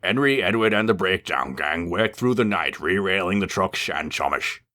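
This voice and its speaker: Deep voiced guy reading a kids story, bright and lively. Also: moderate pace. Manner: lively, expressive narration.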